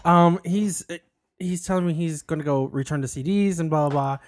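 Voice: mid-range voice, moderate pace. A podcast co-host chatting casually, teasing the other host and giggling often. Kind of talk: casual chat.

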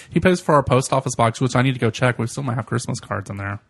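A man's voice: mid-range voice, vocal fry, breathy edge, dry recording. A man hosting a podcast in casual chat, giggly and swearing freely. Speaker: podcast host.

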